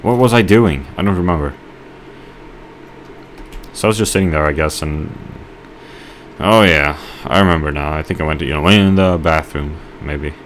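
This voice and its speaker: A man giving rambling let's play commentary, telling a halting story with mock outrage while he plays. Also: a bass voice, a little hiss or hum. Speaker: gamer.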